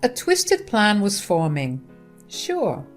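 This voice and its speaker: A woman tells a first-person story with wry, dramatic flair. Her voice sits a little low. A faint guitar plays underneath. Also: unhurried. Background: faint guitar music.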